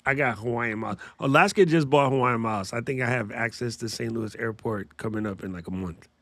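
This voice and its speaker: A man's voice: mid-range voice, a little fast, a bit bright, no room sound. Joking man hosting a livestream. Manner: joking, laughs often, slangy. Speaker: podcast host. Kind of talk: casual livestream chat.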